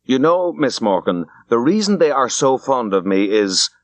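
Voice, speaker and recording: A man's voice: mid-range voice, big pitch swings, normal speed, no room sound, pitched above the performer's own voice, lightly acted. A man voicing a jovial, wizened older man who likes his whisky and jokes in a confiding way. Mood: jesting. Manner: joking, confiding.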